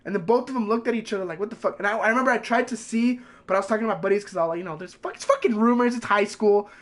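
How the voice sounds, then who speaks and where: Young man rambling, high-voiced. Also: rapid-fire. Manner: rambling, profane storytelling. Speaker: game streamer. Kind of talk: casual stream chat.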